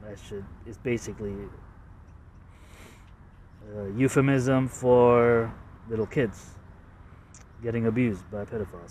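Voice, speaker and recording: A man's voice: mid-range voice, fairly even intonation, unhurried, long pauses, darkish tone, far from the mic, a little hiss or hum. A man from Canada casually walking through his drawings, hesitant and self-deprecating, with lots of fillers. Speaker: artist showing his drawings. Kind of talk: casual rambling walkthrough.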